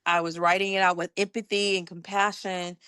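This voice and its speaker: A middle-aged woman from Georgia, a podcast guest telling a workplace story in a lively conversational way. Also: lowish voice, brisk, clean tone, no echo. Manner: animated, acts out quoted dialogue, laughs while telling.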